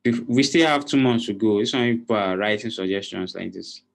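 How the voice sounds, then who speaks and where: A man with fairly low pitch and vocal fry talks briskly. As a design instructor in a live online class, he breaks things down step by step, often repeating questions to confirm his students understand.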